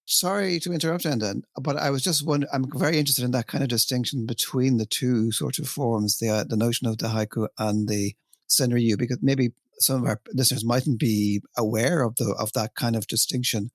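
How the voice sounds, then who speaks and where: A man's voice: medium pitch, steady tone, brisk, dry recording, clean studio sound. A man co-hosting a radio interview, politely breaking in with a careful question. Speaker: co-host.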